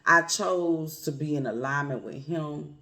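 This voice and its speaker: A woman's voice: low-pitched, measured pace. Earnest woman talking to her viewers. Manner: earnest, addresses viewers as y'all and family; grows quiet and emotional. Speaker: vlogger. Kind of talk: heartfelt personal talk to camera.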